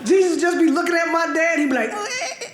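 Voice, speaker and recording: A woman's voice: very high-pitched, fast talker, crowd noise. A young woman performing a stand-up comedy set, telling stories and laughing through her lines. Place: comedy club stage before an audience. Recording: echoey stage with loud noise.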